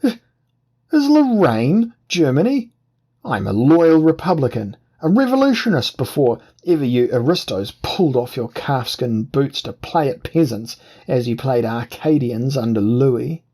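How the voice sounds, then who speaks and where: A man's voice: medium pitch, animated, unhurried, creaky, darkish tone, slightly rough, full character voice. A man voicing a narrator in disguise as a common man, speaking in a wheedling whine. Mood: wheedling, defiant.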